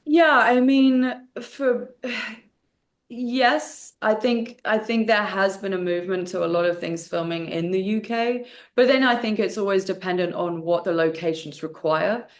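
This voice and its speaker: A young woman, an actress and martial artist, chatting in an interview, animated with many fillers and restarts. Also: mid-range voice, unhurried. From United Kingdom. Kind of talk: casual interview chat.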